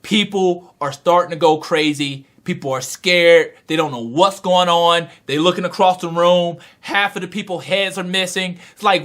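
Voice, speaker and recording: Brief: a male reviewer with a high voice, retelling a chapter like a storyteller. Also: normal speed, hardly any pauses. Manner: animated storytelling, excitable. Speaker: manga reviewer. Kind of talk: dramatic recap and review.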